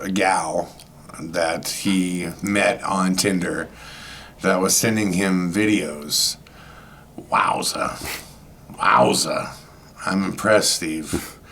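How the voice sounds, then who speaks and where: A man's voice: sits low, gravelly, fairly bright tone, a little hiss or hum. A man co-hosting a podcast, talking in a rambling casual way with many fillers. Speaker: podcast co-host. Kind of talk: casual chat.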